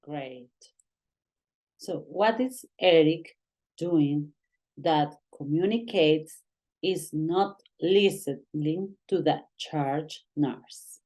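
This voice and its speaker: Woman English teacher, low voice, slow and halting delivery, non-native speaker. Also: a little mellow. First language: Spanish. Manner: slow, halting, reads exercise lines aloud. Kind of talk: online English grammar lesson.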